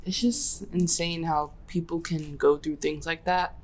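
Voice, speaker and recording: A young woman with a low, deep voice hosts a casual podcast. She tells a personal story in slangy, animated talk and voices her own quoted lines. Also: unhurried. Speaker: podcast host.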